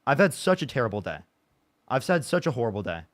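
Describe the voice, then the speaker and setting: A man's voice: mid-range voice, very animated, fast. A man hosting a livestream, talking casually and frustrated, swearing and restarting his sentences. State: upset after a bad day. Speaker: livestream debate host.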